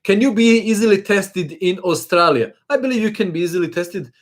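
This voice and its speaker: A man's voice: high voice, fairly quick. A man who is not a native English speaker hosts a chess live stream, reading viewer comments aloud with many fillers and small chuckles. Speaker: chess channel host.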